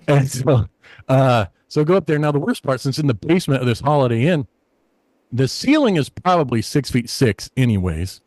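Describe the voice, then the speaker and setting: A middle-aged man, a stand-up comedian, telling a lively story in a casual interview, acting out the people in it. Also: mid-range voice, moderate pace, dry recording. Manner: animated anecdote-teller, acts out quoted voices.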